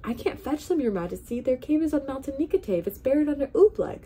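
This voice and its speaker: A woman's voice: high-pitched, very animated, quick pace, dark tone, a little hiss or hum, voice pushed up. A woman reading a storybook aloud, voicing a bold young boy who speaks bluntly and earnestly. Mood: earnest scolding.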